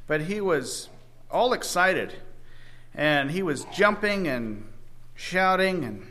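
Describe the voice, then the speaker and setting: A man preaching a sermon, reading scripture aloud and speaking with many halting restarts. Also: fairly high pitch, sharp tone.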